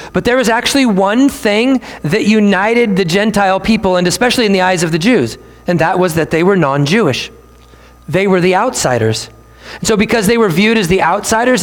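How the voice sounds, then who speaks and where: Man, pastor, sermon, emphatic, repeats key lines slowly, church sanctuary. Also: sits high. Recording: long hall reverb.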